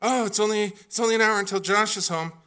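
A man's voice: high voice, fast, sharp tone, clear, resonant tone, voice pushed up. A man putting on the voice of his firm middle-aged wife, who insists on picking up their son and scolds her husband. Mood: insistent. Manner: raised, scolding, emphatic.

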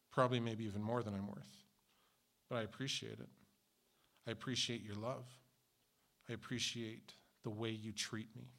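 A man's voice: mid-range voice, fairly bright tone. A man in his fifties preaching a sermon as a church pastor, flippant and a little sarcastic, talking off the cuff. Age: 50s.

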